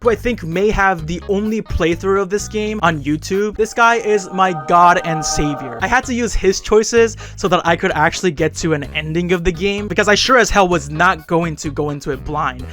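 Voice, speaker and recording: A man's voice: sits high, moderate pace, music in the background. A young man giving a comedic recap of a game, exasperated and swearing often. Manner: exasperated, profane ranting. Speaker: anime and game reviewer.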